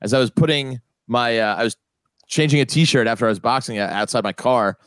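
A man's voice: medium pitch, fairly quick, fairly bright tone, clear, resonant tone, dry recording. A man in casual podcast chat, telling stories and mimicking people he met. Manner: storytelling, does voices of people he met. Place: New York.

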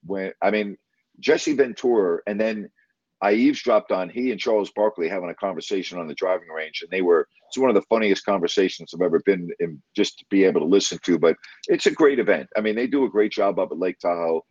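A man's voice: low voice, brisk, darkish tone, husky, no room sound, dull audio. A man who works as a broadcast interviewer, telling stories in casual conversation, rambling and enthusiastic, with many restarts.

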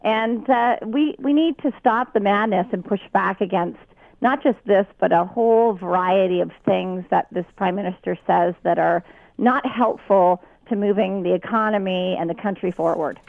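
A woman's voice: mid-range voice, moderate pace, gravelly, no room sound, phone-quality sound. A woman business owner speaking as an interview guest over a remote line. She talks in an indignant, emphatic way, restarting her sentences as she pushes her point.

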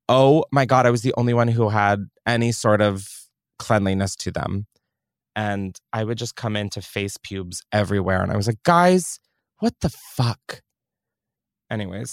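A young man hosting a podcast in casual chat, animated and swearing freely. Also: on the low side, smooth, no room sound, studio quality. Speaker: podcast host.

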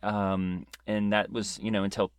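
Man, low-pitched, deadpan improv storyteller, dry close mic. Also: measured pace, clear, resonant tone, no echo. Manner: deadpan, rambling, hesitant with many restarts. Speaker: comedy podcast co-host. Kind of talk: improvised character comedy chat.

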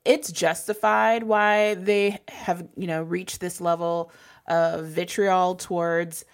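A woman's voice: fairly low pitch, steady tone, takes it slowly, clean tone. A woman in casual chat about a TV episode, loose and slangy, laughing often and using many fillers. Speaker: podcast co-host.

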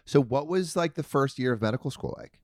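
A man hosting an interview podcast, asking relaxed, curious questions. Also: medium pitch, a little fast, no room sound, clean studio sound. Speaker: podcast host.

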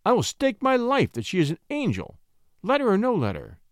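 A man's voice: high-pitched, wildly swooping pitch, brisk, dry recording, voice pushed up. Earnest young poet, raised and heartfelt, read by a man, dry and close.

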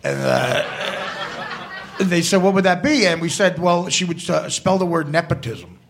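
A man with a high, rough-edged voice spins long comic anecdotes at a live show. He is crude and self-mocking, and his lively pitch jumps around as he builds toward each punchline. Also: normal speed, noisy background. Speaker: comedian guest. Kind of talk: comedic storytelling.

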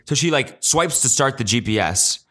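Here a young podcast host, alone on the mic, tells rambling stories full of jokes and profanity, putting on exaggerated voices for quotes. His voice is medium-pitched, expressive, and fairly bright, at a normal speed, in a casual monologue style.

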